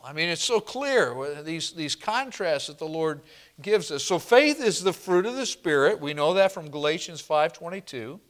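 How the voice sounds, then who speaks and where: A man preaching a sermon to a congregation, slow and emphatic, often asking the room questions and answering them. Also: fairly high pitch, animated. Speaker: pastor.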